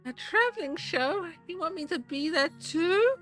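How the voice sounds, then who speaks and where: Streamer doing a possessed young girl, high and breathy, sweet, dreamy, eager, faint music behind. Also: animated, measured pace, a bit bright, heavily acted. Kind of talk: voicing game dialogue.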